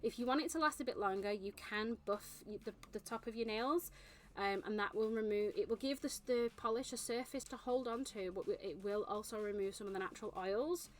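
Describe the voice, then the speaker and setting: A woman's voice: medium pitch, fairly quick. A British woman hosting a casual live stream, chatty, swearing and laughing often. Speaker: streamer host. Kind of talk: casual chat.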